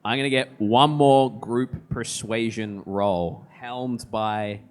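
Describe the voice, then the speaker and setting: A man's voice: medium pitch, slow. A man serving as game master at a live tabletop game on a convention stage, explaining dice rules.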